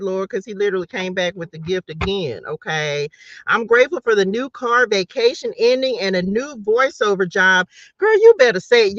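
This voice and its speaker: A woman's voice: mid-range voice, fairly bright tone, dry recording, lo-fi sound. A woman hosting a live tarot reading, chatting playfully with her viewers and laughing often. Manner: chatty, addresses viewers directly.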